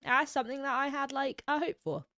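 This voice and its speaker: A woman's voice: high voice, expressive, brisk, sharp tone, no echo, clean studio sound. A young woman from Britain chatting on a livestream and reading out viewers' messages, with a slightly scratchy throat. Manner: chatty, reads chat messages aloud. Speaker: streamer. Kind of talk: casual livestream chat.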